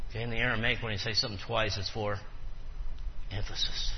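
A man's voice: lowish voice, steady tone, fast, long pauses, slight background noise. A pastor preaching a sermon to his congregation, quizzing them with questions and repeating key phrases for emphasis. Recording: reverberant hall, dull lo-fi sound.

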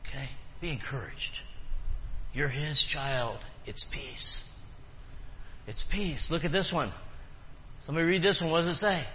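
A man's voice: on the high side, unhurried, pauses often, a little hiss or hum. A male pastor delivers an emphatic sermon, tossing questions out to the congregation and repeating his points. His voice rings in a church hall with a long reverb tail. The recording is dull and lo-fi. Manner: preaching with call-and-response questions to the congregation; emphatic, repeats key phrases.

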